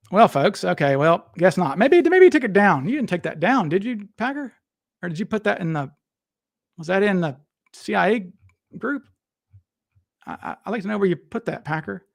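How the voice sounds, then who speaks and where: A man's voice: sits high, expressive, moderate pace, creaky, long pauses, no echo, studio quality. A man hosting a casual live stream, rambling and restarting his sentences as he talks to viewers in chat. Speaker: livestream host.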